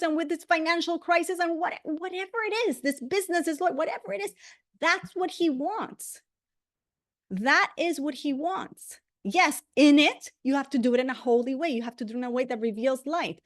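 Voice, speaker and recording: High-voiced woman teaching a lively class. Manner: animated, repeats herself, asks "right?" often. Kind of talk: casual spoken class.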